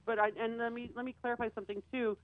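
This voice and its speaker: A woman's voice: a little high, little pitch movement, rapid-fire. A woman telling a dramatic personal story, acting out the voices of the people in it. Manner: vivid, acts out quoted dialogue. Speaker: guest sharing her story. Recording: tinny phone-like dry sound.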